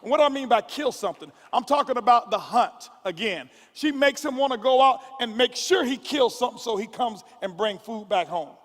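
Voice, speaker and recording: A motivational speaker addresses a conference audience in a large hall, stumbling through repeated words and building up like a preacher. His very high-pitched voice is expressive and a little fast, with few pauses, and the live recording carries long hall reverb.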